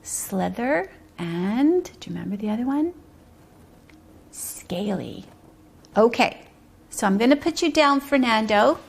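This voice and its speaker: A woman leads a preschool circle-time lesson in a slow sing-song, stretching out rhymes and syllables. Her voice is fairly high, expressive, and creaky.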